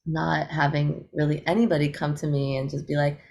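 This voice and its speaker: An eco-rapper from the US talks on an interview show in a relaxed, upbeat way, full of fillers and laughter. Her low voice has vocal fry and a darkish tone, delivered flatly and a bit fast.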